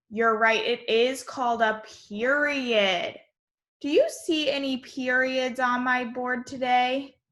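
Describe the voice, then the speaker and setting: A woman teacher giving an online lesson to young children, speaking in a slow, sing-song, encouraging way on a computer mic. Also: fairly high pitch, sharp tone.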